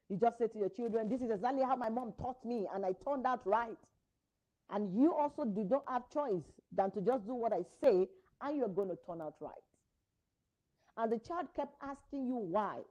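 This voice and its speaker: A woman's voice: mid-range voice, mellow, low-quality recording. A woman giving an earnest motivational talk to parents as a parenting coach, repeating her phrases for emphasis.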